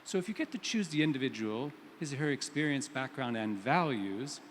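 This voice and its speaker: A man's voice: mid-range voice, animated, brisk. A man with a mid-range voice lays out his argument on a conference panel step by step. His voice rings in a long hall reverb over faint room noise. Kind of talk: panel discussion.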